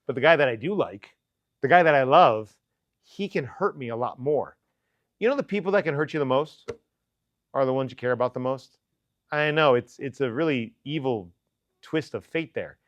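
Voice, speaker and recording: A man's voice: medium pitch, animated, moderate pace, long pauses, dry recording, highs cut off. A man preaching a casual, joking sermon to teenagers, talking to them conversationally. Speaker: youth preacher.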